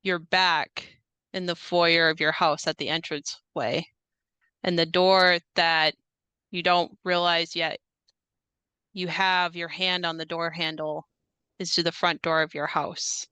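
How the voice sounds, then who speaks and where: A young woman narrates a tabletop horror game as game master, taking her time and pausing on fillers. Her voice is bright and crisp. The sound is dry and close. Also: fairly low pitch, flat delivery, dry recording. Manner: slow, measured narration with hesitant fillers.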